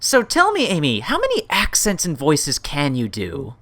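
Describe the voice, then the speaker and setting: A woman's voice: low voice, huge pitch swings, moderate pace, fairly bright tone, no room sound. A woman hosting an interview, reacting with enthusiastic exclamations. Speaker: interviewer host. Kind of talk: casual interview.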